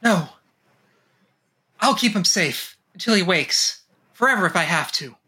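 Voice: medium pitch, lively intonation, unhurried, bright, forceful tone, husky, heavily acted. A podcaster reading a determined young woman warrior in a fan read, firm and resolute. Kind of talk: fan read-through of a game scene.

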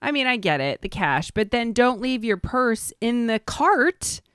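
A woman's voice: a little high, very animated, a little slow, a bit bright, clear, resonant tone, dry recording. A woman co-hosting a gossip podcast, blunt and wry, dropping sarcastic asides. Her intonation rises and falls freely. She is recorded close and dry. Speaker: podcast co-host. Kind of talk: casual gossip chat.

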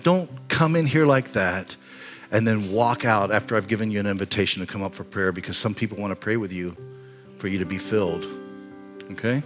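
Pastor, man in his 60s, earnest sermon storytelling, impassioned to hushed, faint music behind. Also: fairly low pitch. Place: church sanctuary.

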